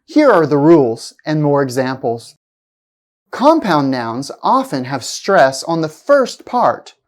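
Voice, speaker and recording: Brief: woman pronunciation teacher, low-pitched, very slow and deliberate, exaggerated word stress. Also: sing-song, a little mellow. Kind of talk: scripted pronunciation lesson.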